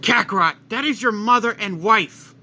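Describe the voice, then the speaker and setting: A man's voice: high voice, moderate pace, sharp tone, slight background noise, voice pushed up. A man voicing a proud, stern alien prince who speaks with grudging respect to his rival.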